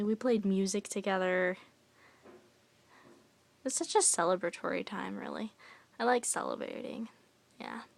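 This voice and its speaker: A young woman telling a casual, rambling vlog story, full of fillers and with soft whispery asides. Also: medium pitch. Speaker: vlogger.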